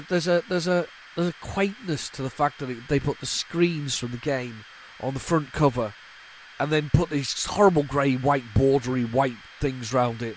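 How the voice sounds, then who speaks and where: Male host, 40s, loose nostalgic chatter over old games, lots of restarts and false starts, everyday middle pitch. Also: a little hiss or hum, low-quality recording. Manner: rambling and nostalgic, with frequent stammering restarts and repeated words. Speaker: retro gaming channel host. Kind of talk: casual off-the-cuff commentary while loading a tape.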